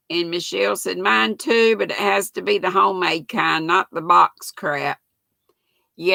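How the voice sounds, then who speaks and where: A woman's voice: medium pitch, gravelly, sharp tone, no echo. An older woman hosts a casual livestream, reading viewers' comments aloud in a chatty, folksy way. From North Carolina, US. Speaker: livestream host.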